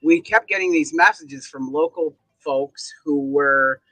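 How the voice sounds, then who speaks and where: Bright man in his forties, dry sound. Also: a little high, unhurried, no echo, faint music behind, rough recording. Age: 40s. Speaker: comedian guest. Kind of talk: casual comedic chat.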